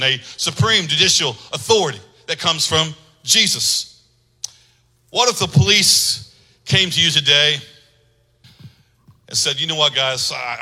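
A man preaching a sermon, moving from quiet storytelling to loud, shouted preaching. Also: on the high side, rough recording. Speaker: pastor.

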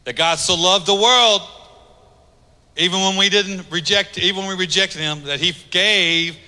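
A man preaching a sermon, driving points home with emphatic repetition and easing into softer storytelling. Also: sits high, moderate pace, big-room sound. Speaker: pastor.

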